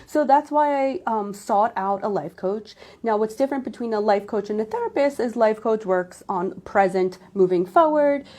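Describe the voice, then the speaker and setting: A woman in her forties hosts a casual live-stream chat, talking as an empowerment coach. She gushes and trips over her words with eager excitement, and her pitch jumps far up and down. It sounds like a phone or laptop stream. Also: normal speed, hardly any pauses. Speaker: host, women's empowerment coach.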